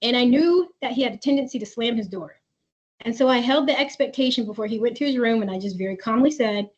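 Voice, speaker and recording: Woman, therapist host of a parent webinar, slightly high voice, earnest and chatty, muffled video-call audio. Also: fast talker. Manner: warm, earnest, conversational, reads chat comments aloud. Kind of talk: webinar presentation with chat reading.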